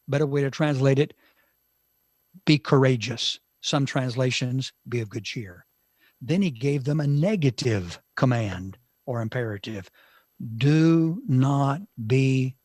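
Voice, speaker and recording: Slow, emphatic male Bible teacher. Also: mid-range voice, no room sound, studio quality. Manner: slow, emphatic, with dramatic pauses and shifts in loudness. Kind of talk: Bible teaching on a talk show.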